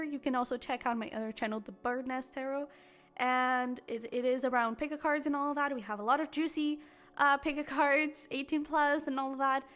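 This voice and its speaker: A woman's voice: sits high, a bit bright. A woman doing a casual tarot reading to camera, talking in a rambling way full of fillers and restarts. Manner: chatty, lots of fillers and restarts. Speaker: tarot reader.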